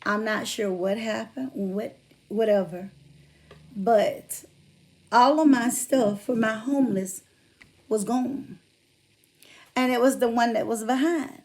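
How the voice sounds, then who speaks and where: A woman hosts a relaxed livestream, talking chattily to her viewers and calling them out by name. Her voice sits a little high and has a gravelly, fry-laden edge. She speaks openly about her faith as she talks. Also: slow pace, long pauses. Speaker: livestream host. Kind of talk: casual livestream chat with viewers.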